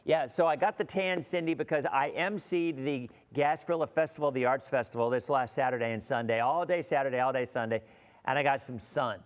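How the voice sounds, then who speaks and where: A man's voice: mid-range voice, a little fast. A middle-aged man from Florida, a weather broadcaster hosting a casual livestream and chatting in a rambling way. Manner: rambling, chatty, with frequent restarts. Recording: long hall reverb.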